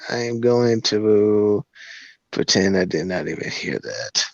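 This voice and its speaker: Man, very slow, hesitant, holding back laughs, dry dull lo-fi call audio. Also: on the low side, animated, gravelly, no echo. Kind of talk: casual chat. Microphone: video call.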